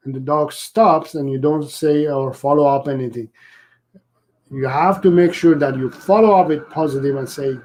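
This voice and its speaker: A man who trains dogs, explaining his methods slowly and deliberately during a live video, often restarting his sentences. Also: medium pitch, a little mellow, poor audio. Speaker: dog trainer. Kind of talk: live-stream training advice and Q&A.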